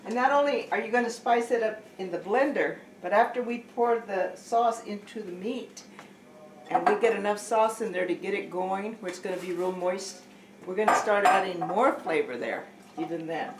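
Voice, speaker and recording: Middle-aged home cook, woman, chatty kitchen how-to, mid-pitched, recorded from a distance in an echoey kitchen. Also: normal speed. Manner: chatty, keeps saying okay, corrects herself mid-sentence. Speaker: home cook teaching a family recipe. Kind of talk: casual cooking demonstration. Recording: echoey room, distant mic, faint hiss.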